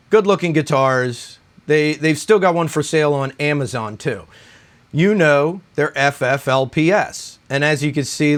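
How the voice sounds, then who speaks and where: A man's voice: on the high side, a bit bright. A middle-aged man chatting casually in a guitar vlog, a little out of breath after a run and rambling with lots of "right?". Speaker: guitar review YouTuber.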